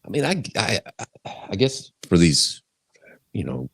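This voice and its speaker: A man's voice: lowish voice, big pitch swings, measured pace, vocal fry, slightly rough, no room sound. A man co-hosting a live stream in laid-back casual chat, swearing casually.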